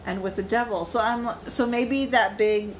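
An animated, giggly woman chatting casually as a podcast co-host. Her voice sits a bit high. A faint hum of room ambience runs under her. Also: moderate pace. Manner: giggly, animated, laughs often. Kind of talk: casual chat reviewing a horror film.

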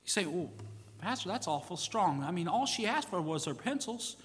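A middle-aged male pastor preaches a sermon to his congregation in a bright, higher-than-usual male voice with a tense, breathy edge. He's animated and talks at normal speed in a folksy, conversational style, repeating "you know what?" and acting out the voices of people in his stories. Long church reverb trails every phrase.

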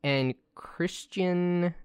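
A woman co-hosting a podcast in casual chat, joking and crude with quick asides. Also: on the low side, darkish tone, clean tone, no room sound, studio quality. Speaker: podcast co-host.

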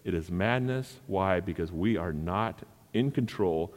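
A man's voice: deep voice, unhurried, darkish tone. A male pastor preaching a sermon in an earnest manner and repeating phrases for emphasis. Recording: long hall reverb.

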